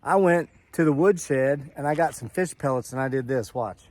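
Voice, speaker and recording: A man's voice: fairly high pitch, normal speed, darkish tone. A man vlogging outdoors on his homestead, telling a rambling joking story with asides while filming on a camera mic. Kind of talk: casual storytelling vlog.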